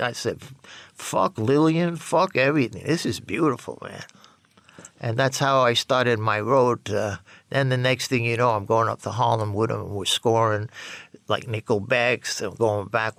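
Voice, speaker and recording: A man's voice: mid-range voice, creaky, fairly bright tone, dry recording. A man telling his own story in blunt, profane street talk, acting out the voices of the people he quotes. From New York. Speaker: storyteller recounting his past. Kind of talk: candid spoken memoir.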